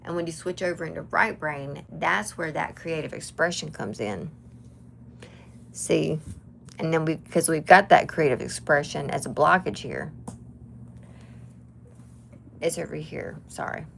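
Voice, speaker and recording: A woman's voice: low-pitched, measured pace, gravelly, long pauses, slight background noise. A woman telling a chatty story to her live viewers during a tarot reading. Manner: chatty, animated, talks to live chat. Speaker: tarot reader.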